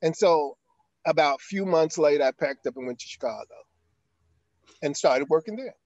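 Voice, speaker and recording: A man's voice: a little high, moderate pace, a little mellow, dry recording, dull audio. An older man, an actor, telling a long anecdote in an interview, acting out quotes and using frequent fillers. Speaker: actor guest. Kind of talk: storytelling in an interview.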